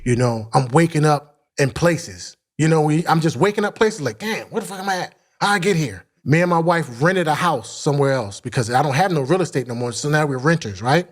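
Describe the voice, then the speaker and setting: A middle-aged man from Philadelphia tells his story as a podcast guest, his voice sitting a bit high for a man. He talks bluntly and candidly, swears freely, and acts out the people he quotes. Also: expressive, a little fast, hardly any pauses. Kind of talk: casual storytelling.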